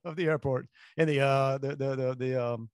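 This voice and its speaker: A man's voice: medium pitch, fairly even intonation, moderate pace, a little mellow, clear, resonant tone, no room sound. A man, co-hosting a talk show and telling a long, rambling anecdote full of restarts. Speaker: radio show co-host. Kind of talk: casual storytelling chat.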